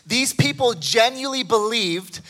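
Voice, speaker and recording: A man preaching a sermon as a pastor, telling stories with excited jumps in his voice. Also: measured pace. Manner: animated storytelling with excited pitch jumps.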